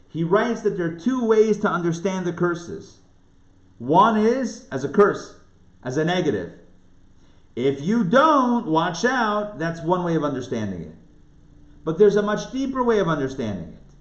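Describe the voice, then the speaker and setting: A rabbi with a fairly high, very animated voice moves at a moderate pace through a casual Torah lesson for a live online class. He speaks conversationally and asks his listeners questions, and the echoey room leaves the audio dull and lo-fi.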